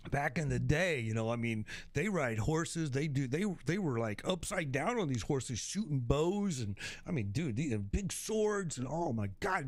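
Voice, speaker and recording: A man's voice: on the high side, creaky, darkish tone, dry recording. A middle-aged man from Chicago, a streamer chatting casually and telling slangy stories with frequent laughs. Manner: storytelling, laughs often, slangy. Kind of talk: casual chat. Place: home streaming setup.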